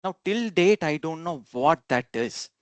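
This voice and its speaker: A man's voice: on the high side, lively intonation, a little slow, no echo. A man from India, giving a talk to an audience and telling humorous personal stories, now and then chuckling and acting out quotes.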